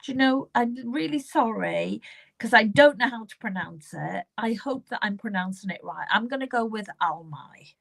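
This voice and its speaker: Lady doing live psychic readings, kinda high voice, says the same thing over and over, earnest. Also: animated, normal speed, gravelly, fairly bright tone. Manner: earnest, repetitive, addresses viewers by name. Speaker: psychic medium.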